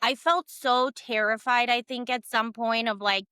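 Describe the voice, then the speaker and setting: A woman co-hosts a casual podcast with a bright, slightly high voice. She talks earnestly and with emphasis, leaning on "like" fillers. The sound is close and dry. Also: fairly even intonation, normal speed, hardly any pauses, smooth, no echo. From Cuban family background. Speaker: podcast co-host.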